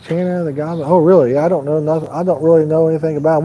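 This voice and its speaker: A man's voice: fairly high pitch, little pitch movement, very fast, dark tone, low-quality recording. A man hosting a fishing livestream outdoors by a pond, chatting loosely and rambling to his viewers. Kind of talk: casual live-stream chat.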